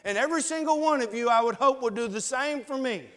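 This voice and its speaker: A man's voice: very high voice, fast, fairly bright tone, in a large hall. A man preaching a sermon, earnestly pleading with his congregation. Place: church.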